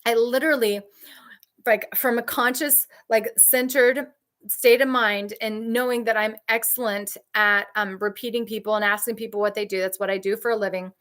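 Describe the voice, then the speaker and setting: A woman's voice: fairly even intonation, moderate pace, a bit bright. A woman coaching trauma survivors in a candid, emphatic talk, repeating key phrases and answering viewers. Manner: mimics others' voices in high shrill outbursts.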